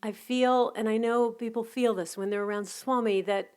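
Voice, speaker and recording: Gentle middle-aged woman giving a spiritual talk. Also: a little high, steady tone, clean tone. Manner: gentle, unhurried storytelling with soft restarts and fillers. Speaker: spiritual community teacher. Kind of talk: reflective spiritual talk with anecdotes.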